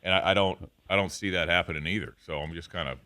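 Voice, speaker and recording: A man with a very deep voice and a sharp, bright edge to it jokes glumly about his losses. He sounds flat and low-energy, dragging through sports banter. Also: quick pace. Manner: gloomy, self-deprecating, flat. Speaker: show regular, co-host. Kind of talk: casual studio banter.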